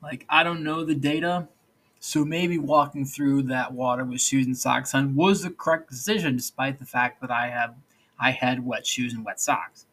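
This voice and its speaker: Husky man hosting a rambling podcast. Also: mid-range voice, fairly even intonation, moderate pace, fairly bright tone, poor audio. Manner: rambling, loose, with many restarts and "all right, so". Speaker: podcast host. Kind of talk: solo podcast monologue.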